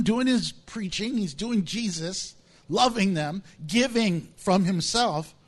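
A man preaching a sermon, animated and humorous, acting out little scenes in different voices and laughing often. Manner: animated, acts out voices with big pitch swings. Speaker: pastor.

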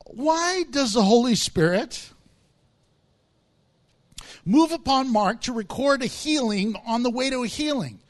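A man's voice: very high-pitched, animated, unhurried, long pauses. A man preaching a sermon, explaining words from the text and acting out the voices of people in the story. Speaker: pastor.

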